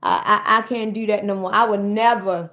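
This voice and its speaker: A woman's voice: mid-range voice, fairly even intonation, normal speed, a bit bright. A middle-aged woman chatting casually on a livestream, telling blunt, profane stories straight to her viewers.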